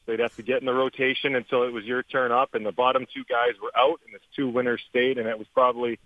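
Canadian ex-player on a phone line. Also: male voice, medium pitch, little pitch movement, fast talker, dry recording. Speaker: former hockey player, guest analyst. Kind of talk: phone interview, hockey analysis. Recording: tinny phone line, dry.

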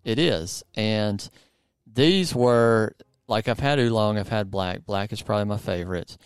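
A man hosting a podcast, chatting in a relaxed, upbeat way with some restarts. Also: lowish voice, a little slow, clear, resonant tone, no room sound, studio quality. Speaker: podcast host. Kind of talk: casual podcast chat.

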